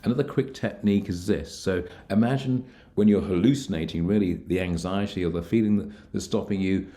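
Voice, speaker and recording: A middle-aged man, a mind coach, calmly guiding the listener through techniques for handling anxiety, speaking straight to them. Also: low-pitched, a little fast. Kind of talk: instructional coaching talk.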